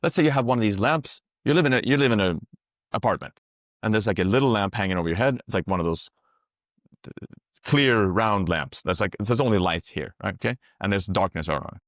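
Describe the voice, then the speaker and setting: A man talks at a quick clip with a somewhat low voice, recorded close and dry. He rambles through one metaphor after another in easygoing podcast chat and swears without a second thought. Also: animated, no room sound. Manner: swears freely. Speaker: psychedelic guide. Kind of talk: casual podcast conversation.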